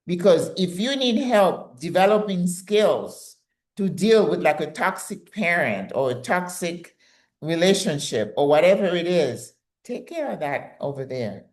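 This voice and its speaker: A woman's voice: lowish voice, a little mellow. An older woman hosting her channel, giving direct, emphatic, motivational advice.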